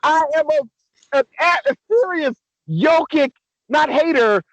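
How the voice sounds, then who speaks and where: A young man on a casual sports podcast, ranting excitably and swearing a lot. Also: extremely high pitch, a little slow, dry recording, highs cut off. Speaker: podcast co-host.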